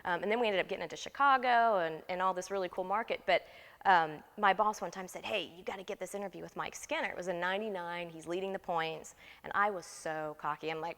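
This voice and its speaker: A woman in her thirties, an interview guest telling a story in a lively, animated way and acting out the quotes. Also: on the low side, fast talker, big-room sound. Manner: lively, laughing, acts out quotes.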